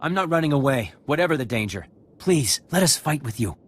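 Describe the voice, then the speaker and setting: Husky earnest young male recruit. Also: fairly high pitch, lively intonation, fairly quick. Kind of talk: game cutscene voice acting.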